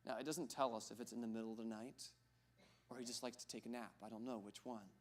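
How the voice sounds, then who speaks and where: A male pastor gives a sermon in a church sanctuary, joking conversationally and asking the congregation questions. His medium-pitched voice moves quickly with fairly even intonation.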